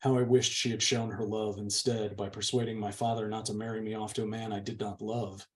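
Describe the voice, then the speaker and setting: A man's voice: on the low side, little pitch movement, brisk, a little hiss or hum. A man, the channel's host, steadily reading a novel's chapter aloud. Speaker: book reader, channel host.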